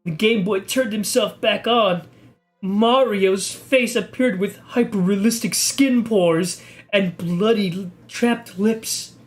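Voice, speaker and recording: A man giving a mock-serious, deadpan reading of an amateur horror story, stumbling over the text now and then. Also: high voice, takes it slowly, soft background music. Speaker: video creator reading a story.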